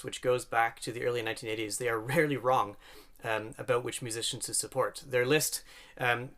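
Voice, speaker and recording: Casual male host from Canada, mid-pitched, talks warmly to camera with ums and asides. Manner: chatty, self-deprecating, with frequent fillers. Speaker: pianist and concert series host. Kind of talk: casual video introduction.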